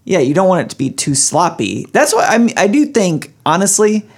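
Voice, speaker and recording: A speaker in a casual chat, thinking things through out loud. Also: medium pitch, sing-song, a little fast, creaky, slightly rough.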